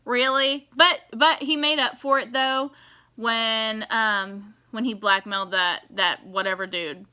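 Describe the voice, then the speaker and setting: A woman giving casual, animated reaction commentary on a TV episode, exasperated and swearing as she rants. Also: on the high side, measured pace, smooth. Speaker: TV reaction vlogger.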